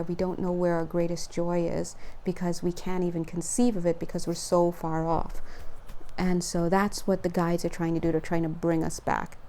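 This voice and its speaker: A young woman hosting a casual card-reading video, chatty and rambling, laughing often and getting excited as she talks. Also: fairly low pitch. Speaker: spiritual card reader.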